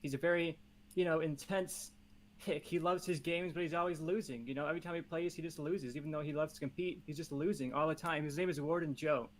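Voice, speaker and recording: A man talks through a movie pitch on a casual comedy podcast, rambling and joking with plenty of fillers. His voice sits a little high. A faint hiss runs under the recording. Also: steady tone, a little fast.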